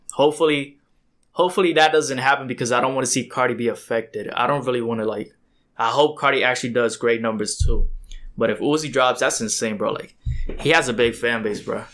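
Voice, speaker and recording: Young man, casual reaction host, rambling, filler-heavy slang, mid-pitched voice. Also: fairly bright tone. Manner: rambling, loose, lots of filler "like" and "bro". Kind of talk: casual music reaction commentary.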